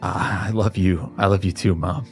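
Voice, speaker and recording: A man's voice: deep voice, steady tone, normal speed, soft background music. A man playing a character in a tabletop game, jokey and self-deprecating. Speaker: player.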